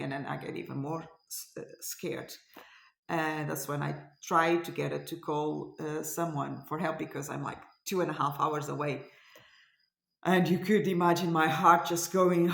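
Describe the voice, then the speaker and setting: Middle-aged woman, Portuguese accent, casual vlog storytelling, hesitant, gravelly voice, echoey room. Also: fairly low pitch, fairly even intonation, measured pace. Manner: hesitant, restarts often, searches for words. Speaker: cross stitch vlogger.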